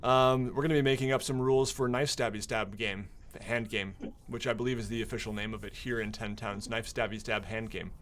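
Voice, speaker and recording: A man's voice: fairly low pitch, level tone, fairly quick, a bit bright, a little hiss or hum. A man running a tabletop game as game master, narrating in an easygoing, rambling way with many fillers.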